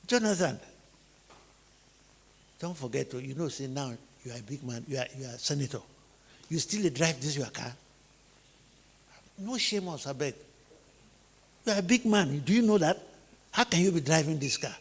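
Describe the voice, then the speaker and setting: A Nigerian preacher doing a flattering hanger-on man. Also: mid-range voice, normal speed, creaky, pauses often, husky, long reverb tail. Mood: coaxing. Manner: coaxing, mixes in pidgin. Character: flattering male acquaintance urging showing off.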